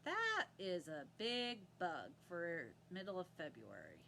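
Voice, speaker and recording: A woman's voice: lowish voice, wildly swooping pitch, takes it slowly, vocal fry, bright, forceful tone, slight background noise. A woman hosting her own crafting podcast from home, chatting casually and rambling with frequent laughter. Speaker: podcast host. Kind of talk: casual chat to camera.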